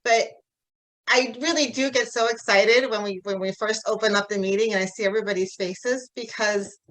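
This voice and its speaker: A woman's voice: medium pitch, fairly even intonation, normal speed, a bit bright, rough recording. A woman co-hosting a meeting on a video call, speaking in a heartfelt, emotional way.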